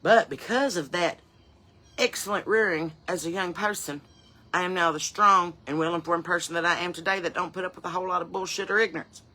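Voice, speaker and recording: A woman playing a sassy, bright-voiced porch mom. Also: lowish voice, steady tone, a little fast. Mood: rambling. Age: middle-aged. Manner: rambling, sassy, folksy ranting. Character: sassy chain-smoking Southern mom on her porch. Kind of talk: comedy character monologue.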